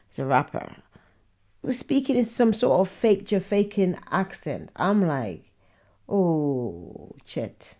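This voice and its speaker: Woman, podcast host, casual chat, low pitch, warm tone, opinionated. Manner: chatty, opinionated, frank asides. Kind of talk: casual chat about awards and fashion.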